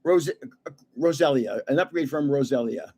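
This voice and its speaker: An older card-collecting host talks casually on a livestream as he opens packs, laughing at himself over his card-name guesses. His voice is medium in pitch and dark in tone, delivered at a normal pace.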